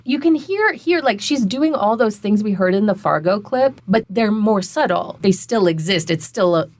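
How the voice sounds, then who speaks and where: A woman's voice: medium pitch, lively intonation, normal speed, darkish tone. A woman accent coach, a guest in casual chat, who talks enthusiastically and laughs often.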